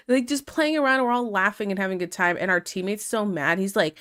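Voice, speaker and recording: A woman's voice: mid-range voice, quick pace, few pauses, fairly bright tone. A young woman, chatting casually on a live stream, reading chat messages aloud and laughing often.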